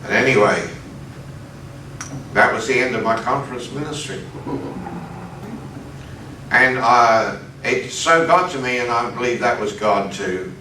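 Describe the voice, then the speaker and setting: A man with an Australian accent preaching, telling a personal story in an animated way and leaping up in pitch for the lines he quotes. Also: unhurried, long pauses, slight background noise. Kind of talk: sermon storytelling. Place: conference hall. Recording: echoey hall, distant mic.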